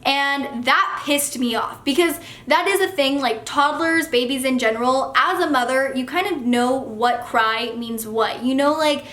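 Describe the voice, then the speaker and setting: A young woman with a high voice tells a casual, chatty story, animated and freely swearing. The room around her is noticeably echoey. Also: measured pace, hardly any pauses. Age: young adult. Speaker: vlogger, young mother.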